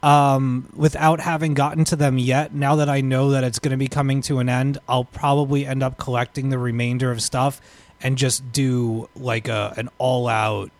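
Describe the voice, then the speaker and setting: A man's voice: mid-range voice, little pitch movement, normal speed, no echo. Rambling man in casual podcast chat. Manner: rambling, full of restarts and fillers. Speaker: podcast co-host.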